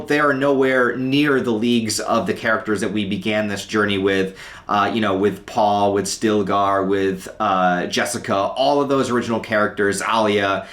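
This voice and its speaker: A man who is sick and hoarse, talking in a casual, rambling review with a raspy voice and frequent hesitations, from his couch at home. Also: medium pitch, fairly bright tone. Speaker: book reviewer. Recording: roomy echo.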